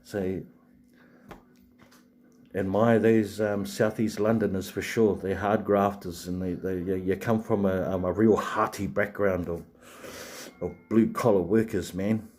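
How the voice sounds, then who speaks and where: A man's voice: deep voice, fairly even intonation, measured pace, darkish tone. A man, hosting a live stream and rambling chattily to viewers with many fillers and restarts. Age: 40s.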